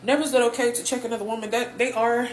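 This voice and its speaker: A young woman from Texas with a fairly high voice, breathless and hurt, pouring out a candid story time in blunt, profane words. She sits back from the mic in an echoey room with faint background noise. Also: steady tone, racing, distant mic. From Houston, Texas. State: out of breath and hurting. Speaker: vlogger telling her own story.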